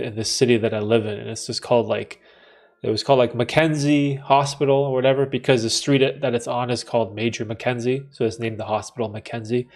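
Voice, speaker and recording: Laid-back young man chatting. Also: medium pitch. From Canada. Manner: laid-back, slangy, laughs often, reads chat aloud. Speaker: livestream host. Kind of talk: casual livestream chat reading comments.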